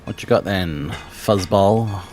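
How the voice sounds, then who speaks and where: A man's voice: low voice, slow, darkish tone, a little hiss or hum. A man streaming a game from home, casually muttering to himself and chatting with viewers, swearing now and then. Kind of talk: casual gaming stream chat.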